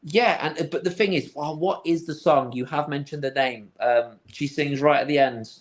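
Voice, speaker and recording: A man's voice: a little high, normal speed. A man co-hosting a casual film podcast, rambling with many restarts and a dry sense of humour. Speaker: podcast co-host.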